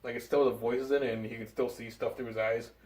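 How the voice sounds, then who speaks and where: A man co-hosting a casual movie review, talking excitedly and rambling with fillers. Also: mid-range voice, quick pace, far from the mic. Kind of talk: casual chat. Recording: roomy, from off the mic.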